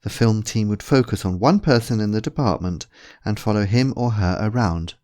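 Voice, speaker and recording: A man reading a humorous story aloud in a measured, even storytelling manner. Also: fairly low pitch. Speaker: narrator. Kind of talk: scripted narration.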